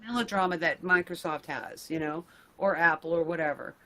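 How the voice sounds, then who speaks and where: A middle-aged woman hosting a casual video-call chat, animated and laughing, with mock-exasperated asides. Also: fairly low pitch, a little fast, slight background noise, poor audio. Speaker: host.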